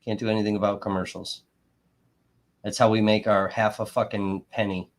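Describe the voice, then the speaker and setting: A man's voice: fairly low pitch, flat delivery, moderate pace. A man hosting a livestream, reacting to trial footage with heated, profane commentary and getting worked up as he talks to his chat. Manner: angry, swears constantly, gets worked up and loud.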